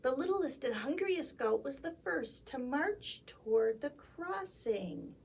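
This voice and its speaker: A woman librarian reading a story aloud at a children's storytime, dramatic and expressive, with hushed asides. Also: high-pitched, slow, creaky, a little hiss or hum.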